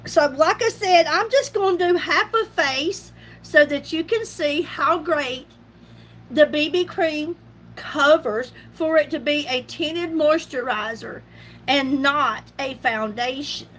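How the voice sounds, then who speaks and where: A woman's voice: high voice, takes it slowly, fairly bright tone, slight background noise. A middle-aged woman chatting casually on a makeup livestream, laughing often and greeting viewers by name. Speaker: beauty livestream host. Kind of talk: casual makeup live chat.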